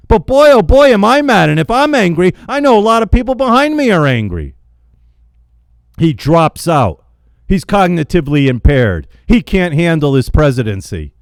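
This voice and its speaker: A man angrily venting in a spoken rant, yelling, repeating himself and stumbling over his words in frustration. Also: high-pitched, dry recording. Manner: repeats phrases for emphasis. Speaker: political vlogger.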